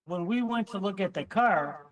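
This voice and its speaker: Lively man telling a story, far from mic. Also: sits high, normal speed. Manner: animated storyteller, acts out quotes. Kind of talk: casual storytelling chat.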